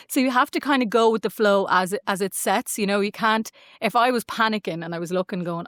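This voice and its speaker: A woman in her forties with an Irish accent, chatting on a podcast with lively storytelling. She slips into other people's voices as she tells each story. Her mid-height voice is recorded dry and close, with no room sound. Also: medium pitch, fairly quick, no echo. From Ireland. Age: 40s. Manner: chatty, animated storytelling with acted-out quotes. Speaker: podcast guest. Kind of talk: casual chat.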